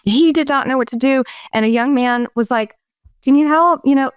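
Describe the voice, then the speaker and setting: A middle-aged woman on a podcast, talking in a lively, expressive way about her work with families. Her voice is smooth and clear at a middle pitch. The sound is dry and close to the mic. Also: fairly quick, dry recording. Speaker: guest, home organizer. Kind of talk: casual chat.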